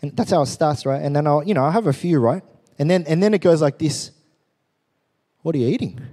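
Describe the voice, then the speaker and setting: A man in his forties preaching, lively and joking as he tells stories to his congregation. His voice sits a little high for a man. The sound carries a long reverb from a large hall. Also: fast talker. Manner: animated, joking storyteller. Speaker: pastor. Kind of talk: sermon.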